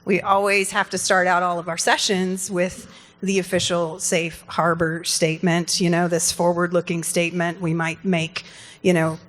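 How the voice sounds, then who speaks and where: A woman co-presenting a comedic conference session, quick to agree and chip in with asides. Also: lowish voice, flat delivery, a bit bright, long reverb tail.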